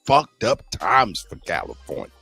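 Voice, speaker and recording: A man's voice: lowish voice, very animated, measured pace, pushed and bright, breathy edge, dry recording, faint music behind. A man co-hosting a live talk show, chatting in a conversational, emphatic way with profane asides. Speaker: co-host. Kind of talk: casual live show chat.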